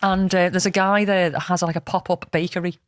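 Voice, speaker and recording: A woman's voice: lowish voice, flat delivery, a little fast, dry recording, clean studio sound. Chatty Liverpool woman podcast host. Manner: chatty, swears freely, laughs often. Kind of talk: casual chat.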